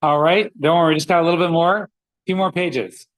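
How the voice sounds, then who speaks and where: A man's voice: a little high, fairly even intonation, quick pace, rough recording. A man teaching a reading class, patiently sounding out letters and words one by one for his students. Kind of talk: classroom lesson.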